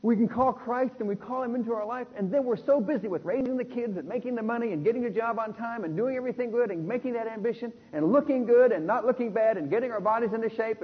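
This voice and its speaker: Animated man preaching in a reverberant hall. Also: extremely high pitch, husky. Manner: animated, acts out the people in the text. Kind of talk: sermon. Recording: dull lo-fi sound in a reverberant hall.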